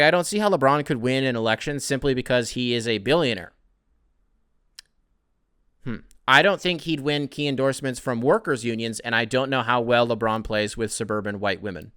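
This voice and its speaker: A man's voice: mid-range voice, creaky, pushed and bright, smooth, dry recording. A man hosting a casual solo podcast who answers listener emails in a rambling, profane, conversational way, close to the mic. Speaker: podcast host.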